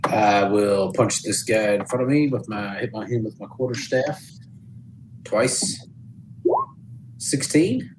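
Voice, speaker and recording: A man playing a tabletop game, declaring attacks and slowly adding up his damage. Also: lowish voice, noisy background. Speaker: player.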